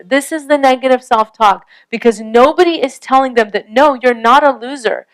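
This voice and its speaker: Smooth-voiced woman giving an earnest talk. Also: high voice, normal speed, few pauses, rough recording. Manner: earnest, conversational, frequent rhetorical "right?". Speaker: Islamic parenting speaker. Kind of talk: casual lecture.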